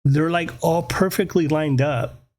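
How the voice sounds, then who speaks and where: Guy telling a wild story real slow and casual, kinda high voice, swears a lot, says "right?" constantly. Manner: animated, swears freely, keeps tagging "right?". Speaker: podcast host.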